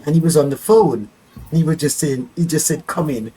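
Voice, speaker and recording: An older woman telling a personal story as an interview guest. She is an animated storyteller who acts out dialogue and laughs often. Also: deep voice, brisk, slightly rough, low-quality recording.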